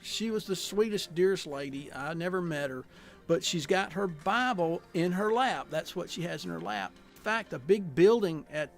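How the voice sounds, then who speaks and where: Gravelly older man. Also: high voice, lively intonation. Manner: folksy, gentle, with frequent pauses and fillers. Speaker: art tour guide. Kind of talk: guided tour talk for families.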